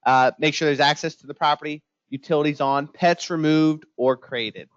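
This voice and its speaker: A man's voice: a little high, fairly even intonation, normal speed, no room sound. A man, a home inspector giving an informal training talk to real estate agents, telling funny stories and acting out his own panicked reactions. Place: office training room. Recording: dull lo-fi room recording.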